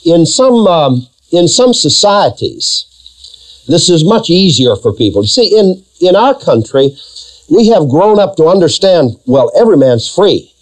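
A man's voice: on the high side, sing-song, unhurried, poor audio. A man preaching a sermon, emphatic and fond of rhetorical questions to his congregation. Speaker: pastor.

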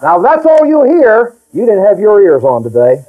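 A man's voice: high-pitched, huge pitch swings, moderate pace, phone-quality sound, soft background music. A middle-aged male pastor preaching a folksy, emphatic sermon and reading scripture aloud.

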